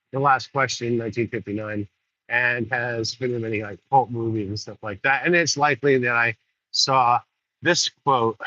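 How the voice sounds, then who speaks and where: A man's voice: mid-range voice, pushed and bright, no echo. A man hosting a casual solo podcast, rambling, laughing often and correcting himself as he goes. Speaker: podcast host. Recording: dull lo-fi sound.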